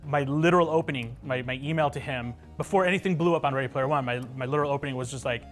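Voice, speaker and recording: Game dev guy in an interview, earnest, thoughtful, soft music behind. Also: medium pitch, fast, few pauses. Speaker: game developer. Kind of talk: documentary interview.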